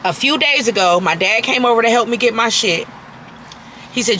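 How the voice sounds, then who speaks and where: Angry woman vlogger, high bright voice, profane and emphatic, with faint noise behind. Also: lively intonation, moderate pace, rough recording. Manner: profane, emphatic, repeats herself for force. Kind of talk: angry personal rant to camera.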